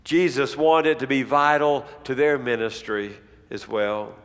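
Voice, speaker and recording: A man's voice: steady tone, measured pace, a bit bright, long reverb tail. A man preaching a sermon, telling a story and acting out the quoted lines of its people. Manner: storytelling, acts out quoted speech with rising pitch.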